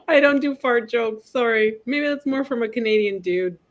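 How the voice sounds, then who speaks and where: A woman's voice: a little high, animated, measured pace. A woman in her forties from the former Soviet Union, with a faint Eastern European accent, chatting as a podcast guest and laughing easily. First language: not English, came at eleven. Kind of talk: casual chat.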